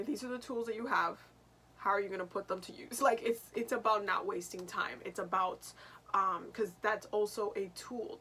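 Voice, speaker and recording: A woman's voice: mid-range voice, pushed and bright, a little hiss or hum. A young woman hosting a casual astrology talk, chatty, laughing often and restarting her sentences. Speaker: astrology channel host.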